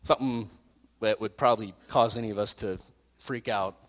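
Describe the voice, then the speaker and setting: A man's voice: on the low side, fairly even intonation, moderate pace, fairly bright tone. A young male youth pastor preaching a sermon by retelling a story in a casual, self-deprecating way. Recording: long reverb in a hall.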